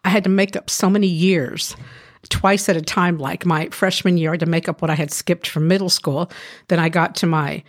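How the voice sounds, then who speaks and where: Lady w a lowish voice telling her life story to an interviewer, earnest, lots of ums and restarts. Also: steady tone. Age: adult. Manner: earnest, halting, with frequent "um" and restarts. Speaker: guest sharing her life testimony. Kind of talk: emotional personal testimony.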